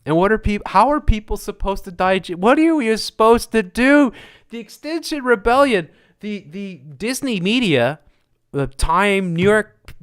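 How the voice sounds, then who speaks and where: A man's voice: fairly high pitch, clean tone. A man hosting his own podcast, delivering a sarcastic, mocking opinion monologue and laughing at his own jokes. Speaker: podcast host.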